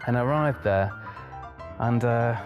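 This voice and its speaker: Young male pianist, interview guest, chatty storyteller, medium pitch, faint music behind. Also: unhurried, muffled recording. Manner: chatty, acts out the dialogue in his story.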